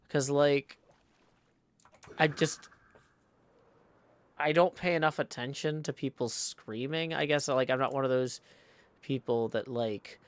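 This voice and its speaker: A man hosting a live stream, chatting playfully, thinking aloud and reading out viewer messages. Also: mid-range voice. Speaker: streamer host.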